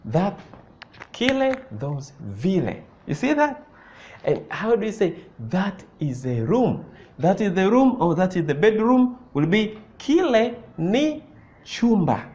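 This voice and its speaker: A man teaching a language lesson, slowly repeating example phrases and asking learners whether they follow. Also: sits high, darkish tone. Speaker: Swahili teacher. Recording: dull lo-fi sound.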